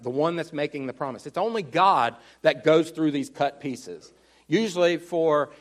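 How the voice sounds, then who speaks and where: A man preaching a teaching sermon, explaining earnestly and slowing down to stress key words. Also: fairly high pitch. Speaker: pastor.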